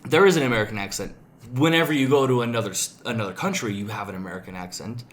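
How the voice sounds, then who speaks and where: A man's voice: medium pitch, rapid-fire. Blunt, rambling young man, swearing freely. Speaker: podcast co-host. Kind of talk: casual chat.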